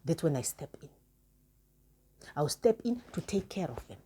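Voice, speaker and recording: A woman's voice: sits low, very animated, moderate pace, mellow, slightly rough. A woman vlogger giving an impassioned moral talk to her viewers, earnest and emphatic, repeating words for stress. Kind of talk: impassioned moral address to camera.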